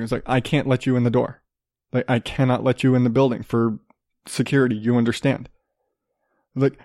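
A man's voice: medium pitch, steady tone, a little fast, a little mellow, no echo, clean studio sound. A young man hosting his own show, telling a profane, ranting story and acting out both sides of an argument. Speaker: podcast host.

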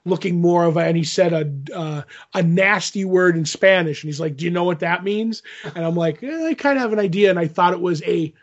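Man, high voice, casual chat, rambling storyteller, dull lo-fi audio. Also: steady tone, normal speed. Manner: rambling anecdote, lots of "I'm like", acts out quotes. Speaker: podcast co-host telling a convention story.

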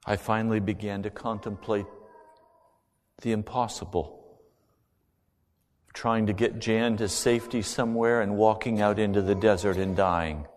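A middle-aged male preacher with a fairly low voice delivers an earnest sermon, dropping to a hush and then rising sharply. His words ring out with a long reverb in a large church hall. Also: steady tone, measured pace, pauses often. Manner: earnest storytelling, dramatic swings from hushed to loud.

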